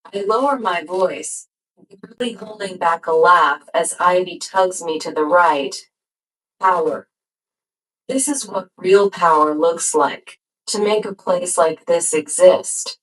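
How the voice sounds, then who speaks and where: The poor-quality recording features a lowish-voiced woman narrating a novel in the first person. Her audiobook reading stays steady and unhurried, each deliberate phrase given time to land before she continues.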